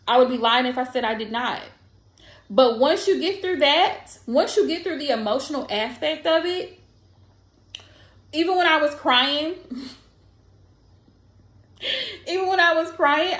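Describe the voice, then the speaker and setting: A high-pitched woman gives blunt, emphatic advice in a casual monologue, repeating her lines to drive them home. Her voice rings in an echoey room. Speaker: tarot reader.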